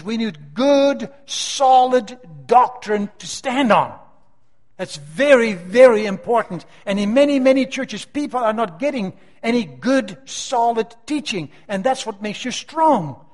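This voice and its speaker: Older preacher in a reverberant hall. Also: male voice, sits high. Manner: emphatic, slows down to stress key phrases. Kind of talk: sermon.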